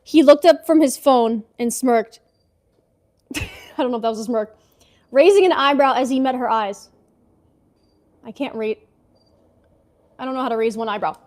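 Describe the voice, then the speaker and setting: Young woman, high voice, casual and giggly, live-reading fanfic on a clip-on mic. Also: normal speed, pauses often, a little mellow. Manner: giggly, chatty asides. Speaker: livestreamer.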